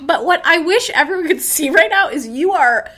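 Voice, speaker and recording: A woman with a high, bouncy voice co-hosting a casual talk show. She teases her co-host and laughs often. Her pitch moves around a lot. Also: lively intonation, moderate pace, fairly bright tone. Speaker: podcast co-host. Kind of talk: casual chat.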